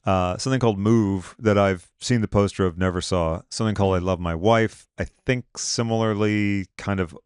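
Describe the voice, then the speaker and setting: A man's voice: on the low side, moderate pace, few pauses, darkish tone, clear, resonant tone, no room sound. A man hosting a film podcast, giving dry, wry rundowns of an actor's filmography in casual chat. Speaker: podcast host.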